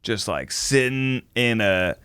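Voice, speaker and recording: Man, 30s, podcast co-host, animated pitch, dry close mic, playful casual chat. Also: slow, smooth, no echo. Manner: reads baby milestones aloud, jokes around.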